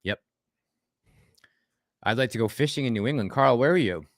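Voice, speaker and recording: A man from Boston hosts a casual livestream, chatting with a co-host and reading viewer comments aloud in a rambling, talkative way, laughing often. His medium-pitched voice has lively intonation and a normal speed, captured in studio quality with no room sound.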